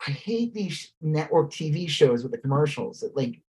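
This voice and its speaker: A man co-hosting a podcast in casual chat, rambling and animated, swearing freely and mimicking posh voices. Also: fairly high pitch, normal speed. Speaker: podcast co-host.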